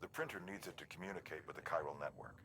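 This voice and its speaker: A super low, wry game depot worker, sounds far off and echoey. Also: male voice, rapid-fire, pushed and bright, a little hiss or hum. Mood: wry apologetic. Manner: easygoing, wry, apologetic. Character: weary male delivery-center worker asking a favor. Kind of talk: video game dialogue.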